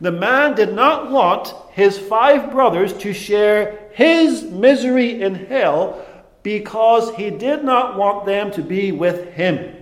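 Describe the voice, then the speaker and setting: A man preaching a sermon, deliberate and emphatic, with dramatic pauses. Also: high voice, animated, roomy sound.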